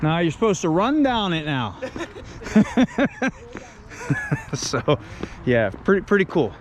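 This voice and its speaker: A man's voice: high voice, slow. A man out of breath, chatting casually and laughing as he walks up a steep city street for his vlog. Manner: chatty, laughs often, easily excited. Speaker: travel vlogger.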